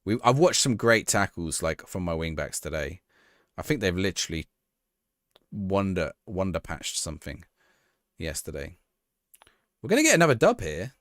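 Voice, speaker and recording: A man's voice: deep voice, sing-song, moderate pace, pauses often, dry recording, studio quality. A man streaming a football management game live, reacting to the action and chatting with his viewers.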